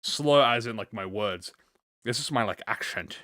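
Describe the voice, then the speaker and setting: A man's voice: fairly low pitch, moderate pace, pushed and bright, no echo, studio quality. A man livestreaming, chatting casually with viewers and reading a story aloud, stuttering and restarting often. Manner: encouraging, talks to chat with slang.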